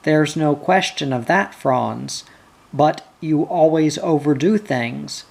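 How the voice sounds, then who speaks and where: A gentle, caring noblewoman who coaxes and pleads softly, as a reader puts her on. She speaks slowly, in a slightly gravelly voice close to the reader's own. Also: deep voice, full character voice. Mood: gentle coaxing. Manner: gentle, coaxing.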